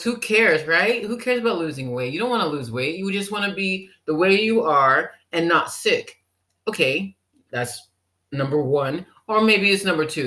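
A health vlogger giving a lively, teasing pep talk straight to the viewer, playfully acting out what the viewer might be thinking. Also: medium pitch. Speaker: health vlogger addressing people with diabetes. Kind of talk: direct-to-camera pep talk. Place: living in a German-speaking country.

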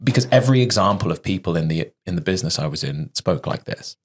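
A man hosting a podcast in a relaxed, reflective way, with a softened British accent. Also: low-pitched, fast talker, a little hiss or hum. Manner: reflective, laughs along, lively when joking. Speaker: podcast host. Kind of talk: casual podcast chat.

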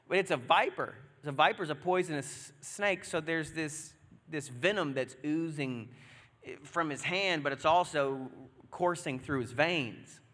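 A man preaching a sermon in a chatty, joking way, acting out the story with sudden loud exclamations. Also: a little high, measured pace. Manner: animated, jokey, acts out scenes with loud exclamations. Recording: long reverb of a large hall.

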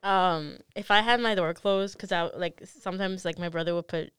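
Slangy young woman, smooth dry voice. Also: lowish voice, moderate pace, no echo. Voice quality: slangy, animated storyteller. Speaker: co-host. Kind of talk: casual chat.

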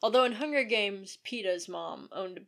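A woman's voice: mid-range voice, normal speed, vocal fry. A woman with a Texan accent, co-hosting a casual chat and chiming in with teasing questions. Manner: playful, teasing interjections. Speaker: podcast co-host.

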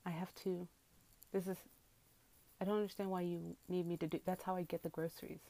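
A woman's voice: lowish voice, level tone, a little fast, gravelly, mellow. A woman who works as a grocery cashier, ranting casually about customers from inside a closet, exasperated and incredulous and swearing freely.

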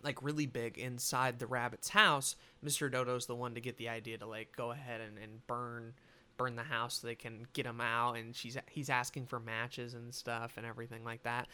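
A man's voice: medium pitch, little pitch movement, normal speed, bright, forceful tone, clear, resonant tone. A young man giving a rambling, casual movie review, swearing freely and talking with animation. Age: young adult.

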